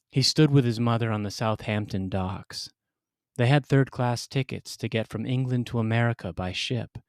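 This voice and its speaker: A man hosting and telling a scripted personal story, with wry, dramatic delivery and pointed pauses. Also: lowish voice, a little mellow, dry recording, clean studio sound. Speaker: storyteller and podcast host.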